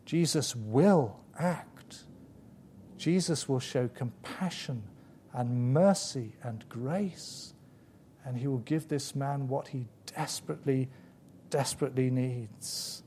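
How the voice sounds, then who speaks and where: A man delivering a sermon in a mellow, warm voice of middle pitch. He builds emphasis through repetition and drops into slow, deliberate pauses. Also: slight background noise. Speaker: preacher.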